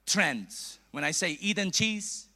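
A middle-aged man with a Filipino accent preaching a sermon as a bishop, playful and animated, with laughs and asides. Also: high-pitched, slow pace. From Philippines.

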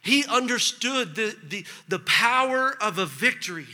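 A male pastor preaching a sermon, telling a story with lively acted-out dialogue. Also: high voice, unhurried. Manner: animated storytelling, acts out dialogue. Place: church sanctuary. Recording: long hall reverb.

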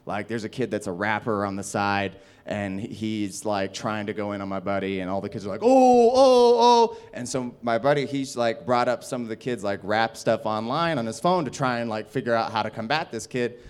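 A stand-up comedian, a man, telling a rowdy story in casual, animated speech with laughter and swearing. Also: on the low side, brisk, hardly any pauses, smooth.

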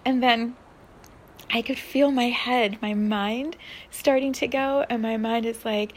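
A woman hosting a spiritual podcast, talking in a soft, dreamy way that often sinks into a breathy whisper. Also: fairly high pitch, steady tone, slow. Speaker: podcast host.

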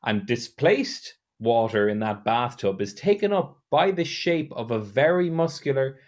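A man's voice: mid-range voice, big pitch swings, unhurried. A man narrating as game master, hesitant with many fillers. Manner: rambling, hesitant, full of fillers.

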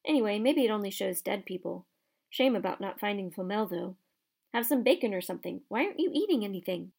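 A woman reading aloud, voicing an excitable young boy who talks loud and blunt. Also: mid-range voice, quick pace, vocal fry.

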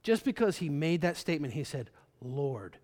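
A male pastor preaches with a somewhat high voice that swells loud for emphasis and then falls back to a quiet murmur. His sermon rings out through a large hall with long reverb trailing each phrase. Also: sing-song, normal speed.

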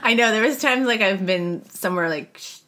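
A woman's voice: medium pitch, fairly quick, a bit bright. A woman in casual chat who laughs often and fills her talk with "like". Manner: chatty, laughs often, heavy use of "like".

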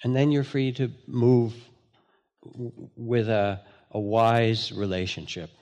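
An older man, a meditation teacher, gives a dharma talk in a gentle storytelling manner with fillers and restarts. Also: mid-range voice, fairly even intonation, slow pace. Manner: storytelling, gentle, with filler words and self-corrections. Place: meditation hall with a live audience.

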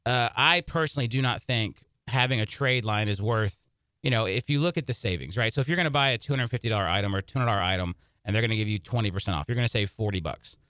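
A man hosting a personal finance radio show, giving emphatic, energetic advice. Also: fairly low pitch, fast, no room sound, clean studio sound.

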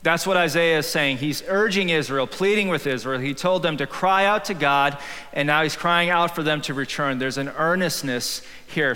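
A man, a pastor, preaching a sermon in a church with humor and a casual, conversational way of talking, sometimes raising his voice to a shout. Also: a little high. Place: church sanctuary. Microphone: handheld or headset microphone. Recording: live hall reverb.

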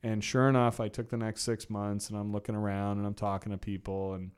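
A man's voice: on the low side, flat delivery, fairly quick, darkish tone, clear, resonant tone. A middle-aged man as an interview guest, telling long stories in a rambling way, full of "you know" and restarts. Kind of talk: casual storytelling interview.

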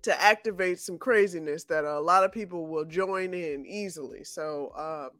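A podcast co-host in casual chat, answering with short affirmations and relaxed, drawn-out remarks. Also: medium pitch, no echo, faint music behind.

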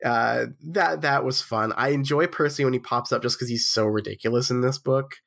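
A man's voice: normal speed, vocal fry. A man co-hosting a podcast, sounding nasal with the flu, chatting in a wry, sweary way. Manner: wry, sweary, lively pitch swings. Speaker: podcast co-host. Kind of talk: casual chat.

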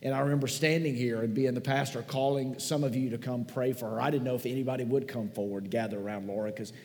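A man's voice: medium pitch, steady tone, fast talker, a little mellow. A man preaching a sermon as pastor, telling church memories in a conversational, folksy, sentimental way in a large church hall. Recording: long hall reverb.

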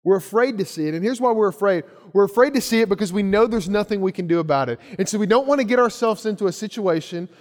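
A man's voice: high voice, quick pace, hardly any pauses, big-room sound. A man preaching a sermon as pastor, earnest, often repeating his phrases and restarting.

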